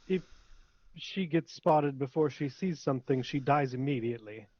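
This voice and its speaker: A man's voice: mid-range voice, moderate pace. A man playing in a tabletop game, chatting casually with dry, wry humor. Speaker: player. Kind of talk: casual chat. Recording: dull, slightly lo-fi mic.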